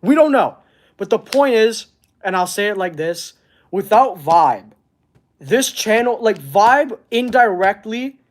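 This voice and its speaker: A man chats on a live stream, reading out viewer comments. He talks earnestly, stopping and restarting as he hunts for the right words. It sounds like a streaming mic at his desk. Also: high voice. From Canada. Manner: halting, searching for words, earnest. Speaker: wrestling channel host. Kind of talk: casual livestream chat reading comments.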